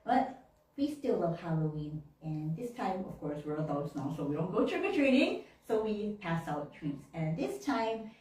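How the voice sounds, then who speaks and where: A woman telling childhood stories during a sermon, animated and laughing often, acting out little voices along the way. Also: lowish voice, moderate pace. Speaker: minister. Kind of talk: storytelling sermon. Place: church hall. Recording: very echoey room, mic at a distance.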